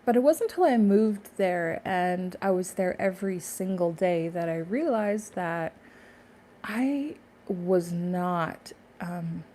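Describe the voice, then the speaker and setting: Mellow-voiced woman rambling in a vlog. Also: lowish voice, lively intonation, takes it slowly, slight background noise. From Canada. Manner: rambling, laughing to herself, many fillers. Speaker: spiritual YouTuber. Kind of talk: casual spiritual vlog monologue.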